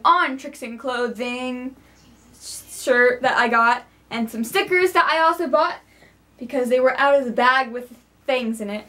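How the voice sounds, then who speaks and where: A young woman with a high, bright-sounding voice records a casual review vlog at home. She is bubbly and chatty and speaks straight to her viewers, as if catching up with friends. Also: a little slow. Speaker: vlogger.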